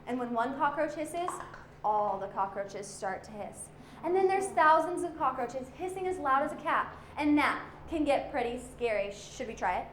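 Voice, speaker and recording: A woman's voice: sits high, expressive, normal speed, reverberant, slight background noise. A woman presenting animals to a young audience as a zoo educator, playful and full of questions for the children.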